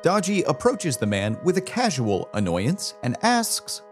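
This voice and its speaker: Man narrating a tabletop game with a lively voice. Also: a little high, unhurried, faint music behind. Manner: casual, descriptive narration with fillers. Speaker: game master.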